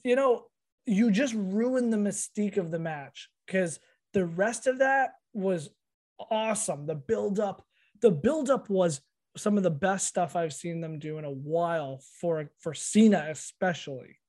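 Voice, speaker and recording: A man's voice: high-pitched, measured pace, darkish tone. A man co-hosting a podcast, rambling and swearing through casual chat, laughing often. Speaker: podcast co-host.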